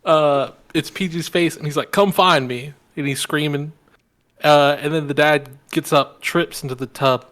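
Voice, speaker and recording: A man's voice: fairly high pitch, little pitch movement, normal speed, fairly bright tone. A man co-hosting a podcast, casually retelling a movie scene in a scattered way, restarting his sentences and swearing offhandedly. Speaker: podcast co-host. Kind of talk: casual chat recapping a movie.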